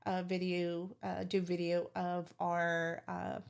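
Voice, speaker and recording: A woman's voice: lowish voice, completely flat delivery, takes it slowly, gravelly. A woman guest on a podcast, telling heartfelt stories in a rambling way full of fillers. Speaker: guest, business owner. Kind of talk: casual interview chat.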